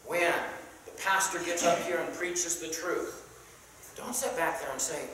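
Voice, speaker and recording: A Sunday school teacher leading a Bible class in a church, talking conversationally with many pauses and questions to the class, and reading scripture aloud in King James wording. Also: mid-range voice, a bit bright. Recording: very echoey room, mic far off, faint background noise.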